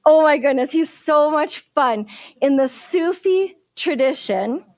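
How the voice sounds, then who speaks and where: High-voiced woman minister giving a lively sermon. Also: measured pace, dry recording, studio quality. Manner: animated, warm storytelling with questions to the congregation.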